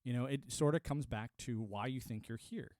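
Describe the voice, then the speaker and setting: A man's voice: medium pitch, moderate pace, a little mellow, dry recording, studio quality. A young adult man from the United States talking into a streaming mic, ranting emphatically with lots of fillers. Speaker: livestreamer. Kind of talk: live-stream monologue.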